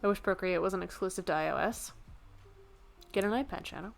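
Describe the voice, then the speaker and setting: A woman's voice: fairly low pitch, fairly quick, gravelly, soft background music. A woman streamer chatting casually and joking at her own expense while she draws. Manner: joking, self-deprecating. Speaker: livestreamer.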